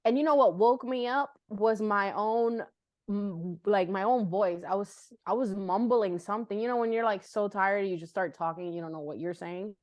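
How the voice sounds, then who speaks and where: A woman's voice: medium pitch, a little mellow, dry recording, dull audio. A young adult woman from Puerto Rico, a guest on a video call, chatting casually and telling stories with frequent laughter. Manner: laughs often, quick storytelling. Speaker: guest, army drill sergeant. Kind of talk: casual chat.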